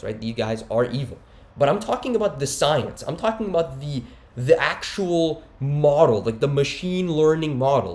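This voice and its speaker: A man rants in one long take, heated and rambling. He uses slang, restarts his sentences often and climbs in pitch when he gets worked up. His voice sits at an ordinary middle pitch for a man. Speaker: commentator.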